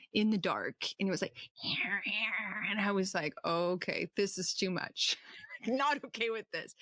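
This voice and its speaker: A woman telling a personal testimony in a lively storytelling way, acting out what people said with sudden jumps up in pitch. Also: no echo, studio quality. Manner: animated, acts out quotes with sudden high pitch jumps. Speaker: testimony speaker.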